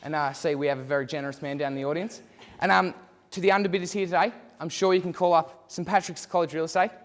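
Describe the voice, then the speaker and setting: A student auctioneer with a slightly high voice calls bids quickly and in a steady tone during a theatrical mock auction. He keeps repeating his prompts to the crowd in a theatrical, repetitive way, and the hall adds a long reverb.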